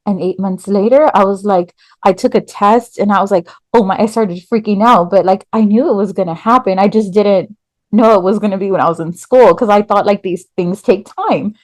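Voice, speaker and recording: A woman's voice: mid-range voice, brisk, no echo. Chatty woman guest, dry sound. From Texas. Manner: chatty, many "like" fillers. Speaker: podcast guest. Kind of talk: candid personal storytelling.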